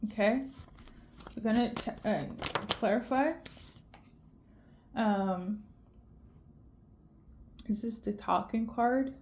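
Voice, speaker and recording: A woman's voice: a little high, takes it slowly, long pauses, a little mellow, a little hiss or hum. A tearful woman giving an intuitive tarot reading to camera, emotional and tagging "okay?" onto her lines. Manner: emotional, repeats "okay?" often. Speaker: tarot reader.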